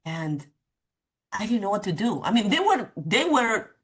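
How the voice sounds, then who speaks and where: A woman's voice: medium pitch, sing-song, measured pace. A middle-aged woman, a guest author and coach, candidly recounting a personal story in an interview, with frank asides.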